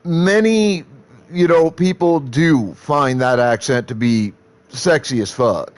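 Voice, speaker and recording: A man's voice: a little high, slow pace. A man streaming live who chats casually in a rambling, profane way, with many restarts.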